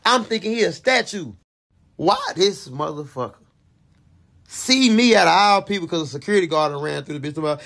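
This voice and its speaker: Gravelly-voiced young man telling a story. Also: high voice, brisk. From Fort Worth, Texas. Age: 20s. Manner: animated, profane, acts out his own screams and quotes. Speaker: vlogger. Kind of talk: casual storytelling to camera.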